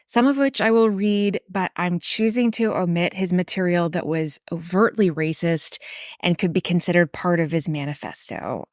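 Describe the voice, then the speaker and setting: A woman's voice: on the low side, dry recording, studio quality. A woman hosting a podcast, narrating a scripted true crime and history story and reading from notes with casual asides and the odd slip. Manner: reads from a prepared script with casual asides and occasional slips. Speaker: podcast host.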